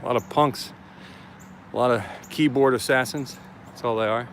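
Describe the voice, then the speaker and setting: A man's voice: medium pitch, steady tone, moderate pace, slight background noise. A man chatting casually on a live stream outdoors, greeting viewers by name as he walks around a police station, filming with a handheld camera. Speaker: live-streaming first amendment auditor.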